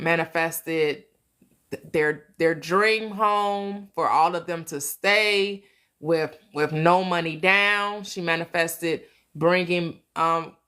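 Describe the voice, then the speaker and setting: Slow, bright-voiced woman chatting live. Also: on the low side, smooth. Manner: slow, halting speech with many restarts and fillers; emotional, heartfelt storytelling. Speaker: host of a manifestation channel. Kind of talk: casual live-stream chat.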